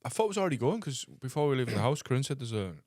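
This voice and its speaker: A man co-hosting a comedy podcast, firing blunt deadpan questions. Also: mid-range voice, racing, dry recording, studio quality. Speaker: podcast co-host. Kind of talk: crude comedy podcast banter.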